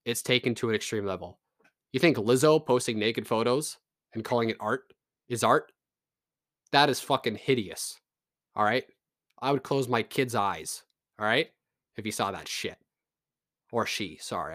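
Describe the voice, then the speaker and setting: A man's voice: on the low side, moderate pace, pauses often, a bit bright, no room sound, clean studio sound. A man from Canada delivering a casual, profane, sarcastic rant to his audience. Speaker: vlogger.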